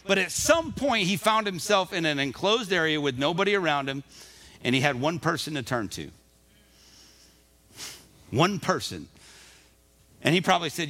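Animated, bright-voiced preacher man. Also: high voice, normal speed. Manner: animated storytelling preacher, acts out quoted voices. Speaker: pastor. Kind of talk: sermon. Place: church.

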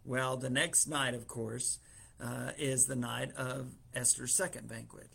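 A man's voice: medium pitch, level tone, a little slow, vocal fry, bright, forceful tone, breathy edge. A man preaching in a casual way, retelling a story through quoted dialogue with fillers and small chuckles.

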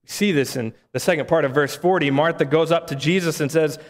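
A man's voice: on the high side, a little fast. A man preaching a sermon in a conversational way, often asking the listeners rhetorical questions. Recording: echoey hall reverb.

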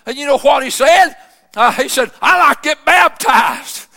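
A man, preaching a fervent shouted sermon as a pastor, full of uh fillers. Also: very high voice, lively intonation, normal speed, vocal fry, big-room sound.

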